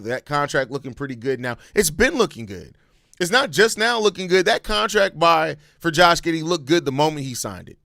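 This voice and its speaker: Man, sports reaction host, high voice, blunt and profane, dry close mic. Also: no room sound. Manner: blunt and profane, swings into loud rants. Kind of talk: live postgame reaction.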